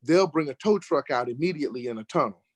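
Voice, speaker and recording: Animated American man telling a road story. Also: on the high side, quick pace, breathy edge, dry recording. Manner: animated storyteller, rising sharply when acting out arguments. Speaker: guest telling a travel story. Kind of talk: casual storytelling in an online talk show.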